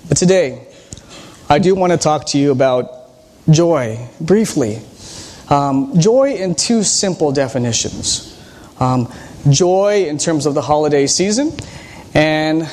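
Male pastor, conversational sermon, hesitant with ums, slightly high, gravelly voice. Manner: relaxed, hesitant, frequent ums and restarts. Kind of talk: conversational sermon with personal stories.

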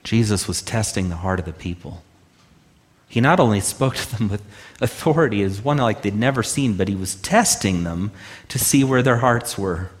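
A man preaching a sermon as pastor, emphatic, full of rhetorical questions and slow, drawn-out phrases. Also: lowish voice, lively intonation.

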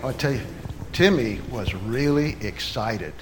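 A man telling a children's story in a church sermon, with animated, dramatic storytelling before closing in prayer. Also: mid-range voice, a little slow.

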